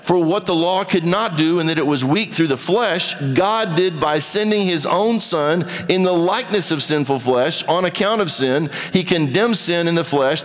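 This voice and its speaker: A man's voice: on the high side, in a large hall. A man preaching a sermon as pastor, reading scripture and repeating key phrases for emphasis.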